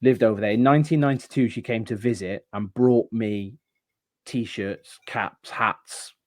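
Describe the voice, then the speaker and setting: A man guest on a podcast, telling stories in casual chat and pausing with many ums. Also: fairly low pitch, darkish tone. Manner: rambling storyteller, halting with many ums.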